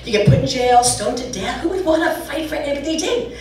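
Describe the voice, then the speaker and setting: A woman's voice: high-pitched, quick pace, slight background noise. Brash woman comedian in a roomy club. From New York. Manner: brash, animated, acts out quotes. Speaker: stand-up comedian. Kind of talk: stand-up comedy. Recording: roomy club sound, distant mic, audience.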